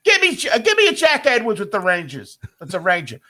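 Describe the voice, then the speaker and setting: Grumpy high-voiced older New York man. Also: wildly swooping pitch, fairly quick, pushed and bright. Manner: grumpy ranting. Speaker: podcast co-host. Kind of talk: casual sports chat.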